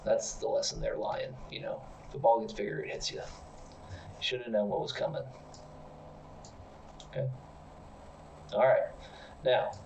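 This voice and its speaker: A man co-hosting a comedy podcast, telling absurd stories in a rambling, deadpan way. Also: fairly low pitch, unhurried, creaky, long pauses, distant mic, slight background noise, low-quality recording. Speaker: podcast co-host.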